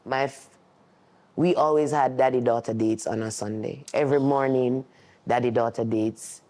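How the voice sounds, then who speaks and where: A man speaks as a sign language interpreter, voicing a deaf guest's words in the first person. His voice is mellow and warm. He talks in an earnest, steady, reflective way, at a medium pitch. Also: normal speed.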